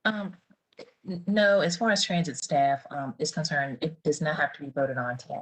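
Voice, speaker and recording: A woman's voice: deep voice, normal speed, poor audio. A woman on a transit finance team explaining a document update at a board meeting, plain and hesitant. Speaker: finance staff. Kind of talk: staff report at a meeting.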